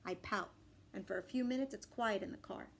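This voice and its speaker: A woman reading a children's book aloud in an expressive, animated way. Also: mid-range voice, brisk, creaky, slight background noise. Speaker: storybook reader.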